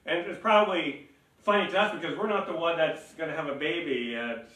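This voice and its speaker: A bright, forceful man preaches a lively sermon, laughing easily and throwing on mocking voices for the stories. His voice rings through a roomy church hall, picked up from some distance off the mic. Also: fairly high pitch, fairly quick. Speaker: pastor. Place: church sanctuary.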